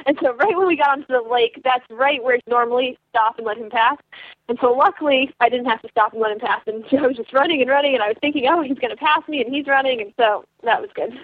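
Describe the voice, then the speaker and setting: A teenage girl racing sled dogs, telling her story in an animated way with lots of "like" and quoted thoughts. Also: sits high, fast, no echo. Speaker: dog sled racer, interview guest. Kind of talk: storytelling over the phone. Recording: tinny phone line.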